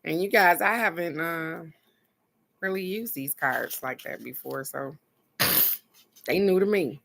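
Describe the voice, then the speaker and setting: A woman hosts a casual live card reading and talks straight to her viewers. Her voice sits low but has a bright, sharp edge. She speaks at an unhurried pace, laughs often and reads the card texts aloud slowly. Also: creaky. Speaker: oracle card reader hosting a live stream.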